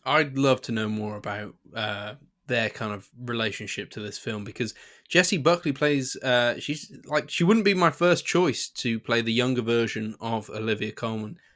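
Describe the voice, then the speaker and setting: A man's voice: mid-range voice, normal speed, fairly bright tone. A man co-hosting a casual film podcast, asking curious questions and teasing his co-host with dry humor.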